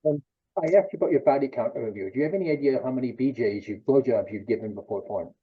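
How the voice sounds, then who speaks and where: A man interviewing a guest, asking direct, provocative questions and lowering his voice on the bluntest ones. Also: fast talker, husky, phone-quality sound.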